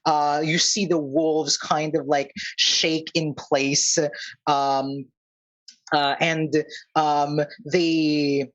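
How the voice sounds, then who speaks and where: A man's voice: a little high, little pitch movement, drawn-out words, a bit bright, dull audio. A man narrating as game master of a tabletop game, hesitant and full of fillers. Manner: hesitant, many fillers and restarts.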